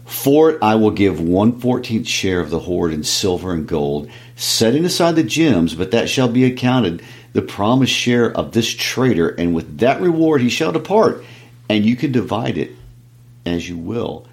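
A man's voice: fairly low pitch, very animated, moderate pace. A man voicing an angry, proud dwarf king while reading a book aloud, raising his voice in threats. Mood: grim. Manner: shouting, raised voice, threatening. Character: furious proud dwarf king, gruff male.

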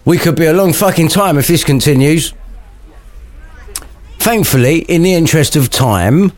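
Sweary man with a lively voice. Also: fairly high pitch, moderate pace. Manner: irreverent, sweary, chatty asides. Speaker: storyteller. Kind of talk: crude comedic retelling.

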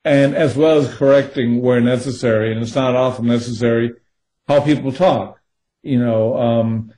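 A man's voice: mid-range voice, steady tone, moderate pace, warm tone, poor audio. A novelist talking about his craft in an interview, thoughtful and hesitant, with many fillers and restarts. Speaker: novelist and co-author. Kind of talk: interview conversation.

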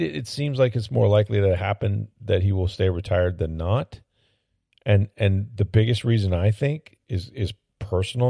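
A man's voice: fairly low pitch, vocal fry, mellow, no echo, studio quality. A man hosting a sports podcast, giving casual, opinionated commentary that rambles, with lots of fillers and restarts.

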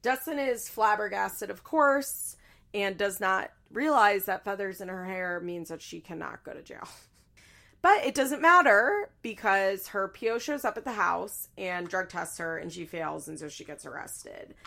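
A young woman casually recapping a reality show, chatty and animated, putting on shrill voices when she quotes people. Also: a little slow, vocal fry.

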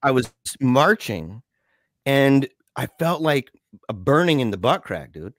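A man chatting casually on a podcast, telling a story in an animated, slangy way, often laughing and calling his friend dude. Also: mid-range voice, measured pace, dry recording.

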